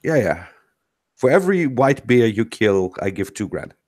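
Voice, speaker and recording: A man's voice: on the low side, big pitch swings, normal speed, darkish tone. A man playing a tabletop game, speaking bluntly in character. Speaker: player.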